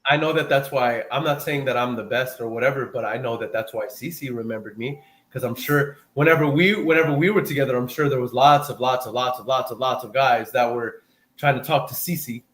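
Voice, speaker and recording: A man hosting a live video call, coaching in a casual, animated way and repeating phrases for emphasis. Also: mid-range voice, a little fast, echoey room. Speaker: host and sales coach.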